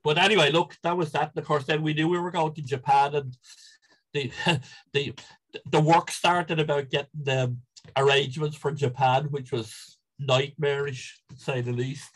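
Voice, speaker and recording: A man's voice: a little high, steady tone, normal speed, fairly bright tone, low-quality recording. A middle-aged Irish man telling stories in casual chat, rambling with many restarts and chuckles. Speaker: guest, football supporter. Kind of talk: casual storytelling.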